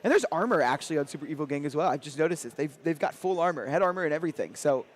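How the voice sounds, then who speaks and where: A man's voice: fairly high pitch, lively intonation, rapid-fire. A man casting an esports match live, giving play-by-play calls mixed with playful, joking banter. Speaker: esports caster.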